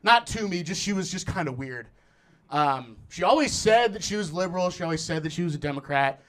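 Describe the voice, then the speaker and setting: A man's voice: high voice, expressive, a little fast, a bit bright. A young man performing a stand-up comedy set on a club stage, acting out voices and laughing through his lines. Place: comedy club stage in front of a live audience.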